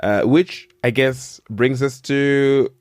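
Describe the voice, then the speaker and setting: A man's voice: mid-range voice, steady tone, slow, dry recording, studio quality. A man co-hosting a podcast, running a quiz in a playful mock-grand tone, then chatting casually. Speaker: podcast co-host. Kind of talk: casual chat. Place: Paris.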